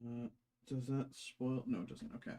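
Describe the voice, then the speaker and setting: A man's voice: mid-range voice, flat delivery, normal speed, dark tone. Rambling man hosting a card break. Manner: self-deprecating, rambling with many fillers and restarts. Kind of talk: live card-opening stream chat.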